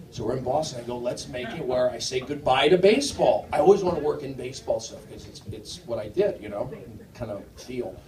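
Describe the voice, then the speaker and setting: A man performing a live stand-up set in a comedy club, rambling and jumpy, swinging from mumbled asides to sudden shouted outbursts. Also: mid-range voice. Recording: roomy, distant club recording with noise. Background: audience laughter.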